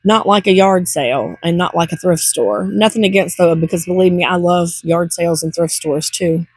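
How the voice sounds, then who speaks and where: An older woman chats casually to camera in a rambling, heartfelt way. Her voice is gravelly and a little husky. The sound is dry and close. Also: lowish voice, normal speed, darkish tone, dry recording. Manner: rambling, chatty, gets teary. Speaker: vlogger.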